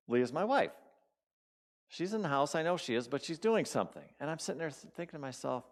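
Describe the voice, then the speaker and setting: A man gives a relaxed, story-driven spiritual talk from the front of a congregation. He speaks casually and repeats key words to drive them home, in a mid-pitched, everyday voice. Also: normal speed, long pauses. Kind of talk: conversational sermon with personal stories.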